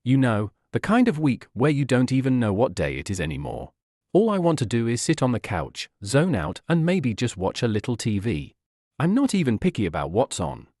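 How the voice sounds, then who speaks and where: Casual man telling jokes, very animated. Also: mid-range voice, normal speed, dry recording, studio quality. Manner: casual, conversational storytelling. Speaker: joke teller. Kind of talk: scripted joke narration.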